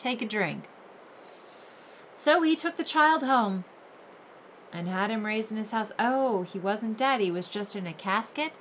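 High-voiced woman reading with sarcastic asides. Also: fairly bright tone, slight background noise. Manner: sarcastic, mock-exasperated asides. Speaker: host reading fairy tales aloud. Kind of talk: comic storytelling reading with running commentary.

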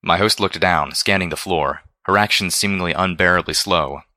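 A man narrates a first-person story with a very deep, low voice that carries a forceful, tense edge. His reading is measured and deliberate, recorded close and completely dry. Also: no echo. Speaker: audiobook reader.

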